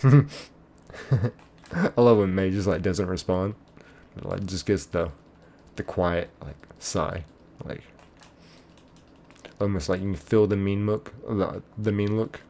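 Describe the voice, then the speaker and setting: A man's voice: low voice, takes it slowly, gravelly, pauses often, warm tone. A man streaming a game, casually reading chat messages aloud, laid-back and chuckling.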